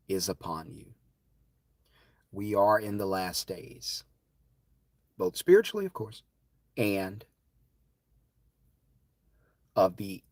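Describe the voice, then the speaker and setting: A man hosting a live stream, talking in an impassioned, preachy way that swings from loud to hushed. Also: on the low side, no echo.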